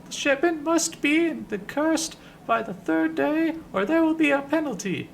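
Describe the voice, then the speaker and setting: A man voicing an effeminate, heavy-set male messenger who speaks in a high falsetto with flowery, overly polite phrasing. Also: lively intonation, moderate pace, vocal fry, slight background noise, heavily acted, poor audio. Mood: fawning.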